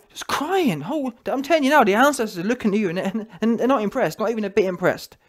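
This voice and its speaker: Mocking high-voiced man ranting. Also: animated, fast, few pauses. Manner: mocking, keeps asking "yeah?" for agreement. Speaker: vlogger. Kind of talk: ranting monologue to camera.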